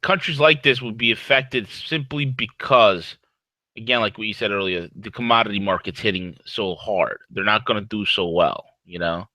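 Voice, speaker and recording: A man co-hosting a casual talk show, giving blunt opinions in an animated, rambling way. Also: lowish voice, moderate pace, no echo, rough recording. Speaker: co-host.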